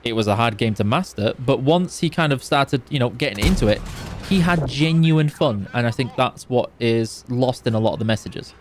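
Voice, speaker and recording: A man's voice: medium pitch, lively intonation, moderate pace, slight background noise. A tired man chatting casually on a live gaming stream, reading out chat and humming while he plays. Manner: chatty, reads chat aloud, hums along while playing. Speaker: game streamer on official channel.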